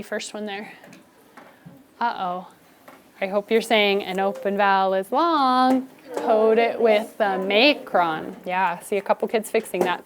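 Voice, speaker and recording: A woman teaching a first grade spelling lesson, giving brisk, encouraging instructions to her class. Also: mid-range voice, slight background noise.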